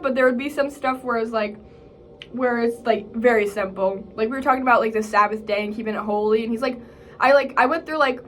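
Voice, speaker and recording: A woman's voice: a bit bright, a little hiss or hum. A young woman in college, chatting casually in a vlog, filling her speech with "like" and acting out what others said. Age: young adult. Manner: chatty, fillers like "like" and "bro", acts out quotes in a higher voice. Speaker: college vlogger.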